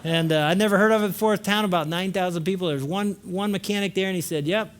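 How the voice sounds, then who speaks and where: A male conference speaker telling a story in a sermon, animated, acting out scenes and shouting at the peaks. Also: high voice, fast.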